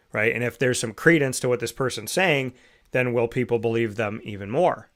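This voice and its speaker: A man's voice: mid-range voice, brisk, fairly bright tone. A man hosting a show, giving a reflective motivational monologue full of rhetorical questions. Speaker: show host.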